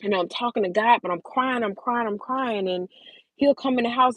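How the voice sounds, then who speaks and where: A woman's voice: a little high, moderate pace, a bit bright. A woman vlogger speaking openly and emotionally to her viewers, repeating words for emphasis. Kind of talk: candid personal talk to camera.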